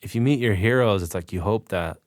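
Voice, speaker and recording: A man's voice: on the low side, fairly quick, no echo, clean studio sound. A man on a podcast, animatedly recounting a story and acting out the dialogue. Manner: excited, animated retelling with quoted dialogue. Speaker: podcast guest. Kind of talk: casual storytelling.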